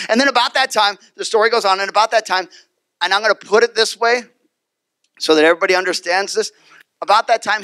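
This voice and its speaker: Animated high-voiced male pastor. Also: no echo, clean studio sound. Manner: animated storytelling, acting out the people in the story and repeating phrases. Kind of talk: sermon.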